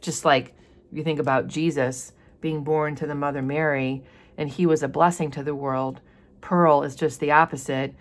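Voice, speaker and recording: Low-voiced woman teacher reading aloud. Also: fairly even intonation, moderate pace. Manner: reads passages aloud, then explains them plainly with questions. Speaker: teacher reading and annotating a novel. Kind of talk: classroom read-aloud with commentary.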